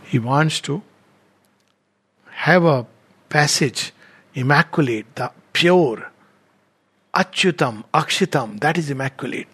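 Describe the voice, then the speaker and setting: A spiritual teacher, a man, reads poetry aloud and explains it in a measured, reflective way, pausing often. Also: fairly high pitch, fairly bright tone.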